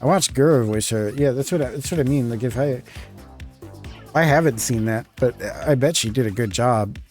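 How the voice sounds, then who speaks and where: A gaming streamer chats casually while playing, his mid-range, darkish voice at normal speed with faint music behind. His live-stream talk rambles, full of fillers, restarts, and self-interruptions.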